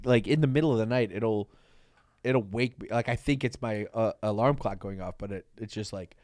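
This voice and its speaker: A man co-hosting a comedy podcast, rambling through absurd bits with halting fillers and a deadpan tone. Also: lowish voice, no room sound, clean studio sound. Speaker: podcast co-host. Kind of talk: casual comedic chat.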